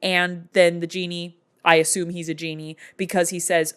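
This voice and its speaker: A woman's voice: on the low side, moderate pace, clean tone. Sarcastic woman recapping a movie. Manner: sarcastic, jokey storytelling. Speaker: vlogger. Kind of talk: casual movie recap commentary.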